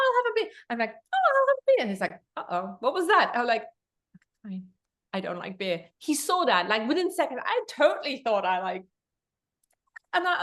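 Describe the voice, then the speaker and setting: A woman's voice: mid-range voice, a bit bright. A woman born in Germany, a poker author being interviewed, telling a story in a chatty, digressive way. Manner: chatty, digressive, laughs while talking.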